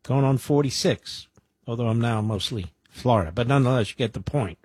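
A man's voice: mid-range voice, a little fast, darkish tone, husky, dry recording, studio quality. A man in his sixties from the Philadelphia area, hosting a combative talk radio show with a sarcastic, mocking delivery. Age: 60s. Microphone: studio microphone.

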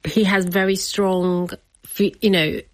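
A woman's voice: medium pitch, flat delivery, slow, no room sound. A woman, telling her family story as an interview guest, chatty and often laughing. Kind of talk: personal storytelling.

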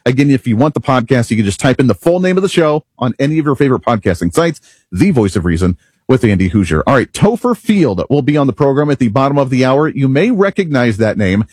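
Man, radio talk show host, husky voice, dry studio sound, opinionated monologue. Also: medium pitch, quick pace, no echo. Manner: opinionated, rhetorical, animated.

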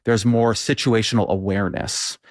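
A man hosting an interview who asks measured, probing questions. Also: fairly low pitch, fairly even intonation, no room sound, studio quality. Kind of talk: interview conversation.

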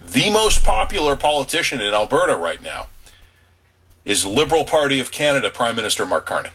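A man's voice: mid-range voice, sing-song, fairly quick, pushed and bright, husky. A man giving political commentary as a radio guest, in an emphatic way. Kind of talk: interview commentary.

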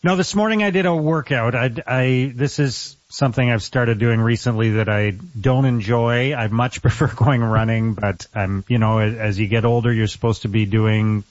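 A middle-aged man, a mayor interviewed on the radio, earnest and measured with frequent restarts. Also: mid-range voice, dry recording. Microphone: phone. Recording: dull, dry phone line.

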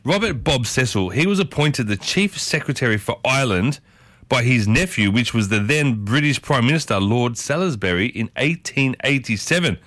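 A man's voice: medium pitch, expressive, normal speed, a bit bright, dry recording. An Australian man hosting a community radio show, talking in a chatty, enthusiastic way with his voice swooping upward. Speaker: radio host.

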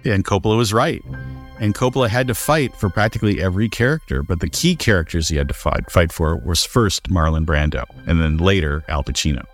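A male author giving measured, explanatory commentary as a guest, with occasional fillers. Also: sits low, faint music behind. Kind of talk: interview commentary.

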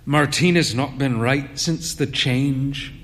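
A man's voice: medium pitch, slow pace, in a large hall, slight background noise. A man reading the lines of a bitter, self-pitying middle-aged husband at a bar. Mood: rueful.

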